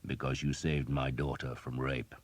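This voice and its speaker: A man voicing a scarred knight in his thirties with a deep, harsh voice, growling and sour. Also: level tone, normal speed. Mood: gruff.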